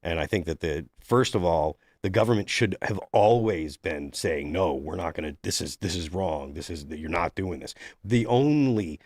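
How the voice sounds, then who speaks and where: A man's voice: sits low, moderate pace, few pauses, a little mellow, no echo, studio quality. A man co-hosting a casual panel discussion, talking earnestly with frequent restarts. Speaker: podcast co-host.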